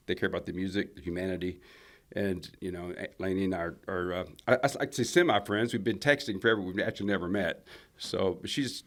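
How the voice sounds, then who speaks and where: A man from Alabama, a country singer telling rambling stories in a casual interview. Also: lowish voice. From Alabama, USA. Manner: rambling storyteller, many restarts and fillers.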